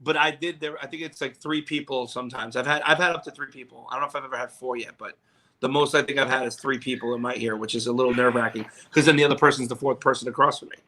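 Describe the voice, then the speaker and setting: A man co-hosting a casual chat, telling animated stories and mimicking others. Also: racing. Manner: animated storyteller, mimics others in high voices. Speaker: podcast co-host.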